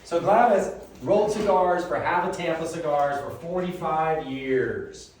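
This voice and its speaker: A man giving a reverse mortgage seminar, telling a long personal story in a casual, animated way. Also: on the high side, unhurried. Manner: animated, conversational, swears casually. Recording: echoey room from a distant mic.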